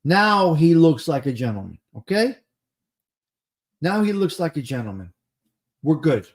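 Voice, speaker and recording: A man's voice: a little high, very animated, unhurried. A man with a New Jersey accent hosting a casual live stream, chatting and repeating phrases for emphasis.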